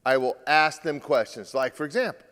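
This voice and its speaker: Animated male coach in a reverberant hall. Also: on the high side, brisk. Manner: animated, acts out quotes from players. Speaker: pitching coach. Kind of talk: live talk to players and parents. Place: large room with a live audience.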